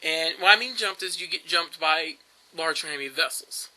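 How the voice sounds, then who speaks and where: A man's voice: on the high side, normal speed, bright, forceful tone, rough recording. A young man casually commenting while playing a video game, rambling with frequent fillers and restarts. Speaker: gameplay commentator. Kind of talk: casual let's-play commentary.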